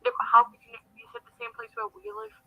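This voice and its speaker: Woman, fast, lively, gravelly, muffled call audio. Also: fairly high pitch. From England, Manchester. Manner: quick, lively, suspicious questioning. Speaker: stranger on video chat. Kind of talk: casual video chat.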